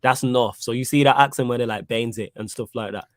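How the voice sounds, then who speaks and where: A young man with a Manchester accent, co-hosting a casual live-stream chat full of slang and shout-outs. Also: mid-range voice, brisk, no room sound, clean studio sound. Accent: South East Manchester. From England. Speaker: co-host.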